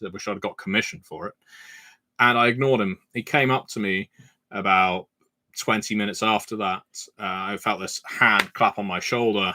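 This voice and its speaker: A man's voice: deep voice, pushed and bright, dry recording. A man hosting a casual livestream Q&A, reading viewer comments and telling anecdotes with lots of fillers. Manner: chatty, anecdotal, frequent filler "uh". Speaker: game designer hosting a livestream Q&A.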